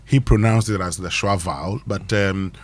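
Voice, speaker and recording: A man's voice: sits low, normal speed. A man with a Ghanaian English accent hosting a morning radio show in a studio, explaining things with frequent laughs. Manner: explanatory, laughs often between points. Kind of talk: radio morning show chat and pronunciation segment.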